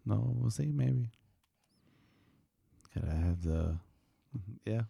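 A man co-hosting a podcast in casual chat, laid-back and swearing a lot, giggling and slipping into silly high voices. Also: animated, slow, gravelly, warm tone, husky, dry recording. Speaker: podcast co-host.

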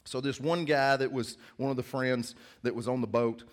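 A man's voice: medium pitch, fairly even intonation, normal speed. A male pastor preaching a sermon in church, in a conversational, joking storytelling manner.

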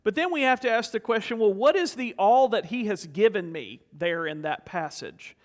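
Pastor, male, fairly high voice, earnest storytelling sermon in an echoing sanctuary. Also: expressive, moderate pace. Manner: storytelling, earnest, rhetorical questions. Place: church sanctuary.

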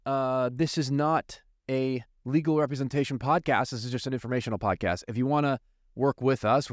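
An American man who is an attorney, opening his podcast in a chatty, self-deprecating way with frequent filler pauses. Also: medium pitch, no echo, studio quality. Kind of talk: podcast introduction.

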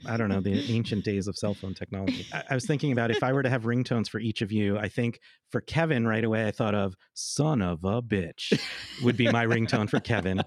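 A man hosting a casual podcast chat with friends, playful and quick to laugh. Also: on the low side, dry recording, clean studio sound. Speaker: podcast host.

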